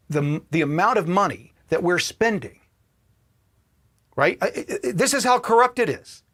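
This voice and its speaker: A man hosting a political livestream, ranting with profanity and swinging between shouting and low muttering. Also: expressive, normal speed. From Indiana, US. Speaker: political commentary host.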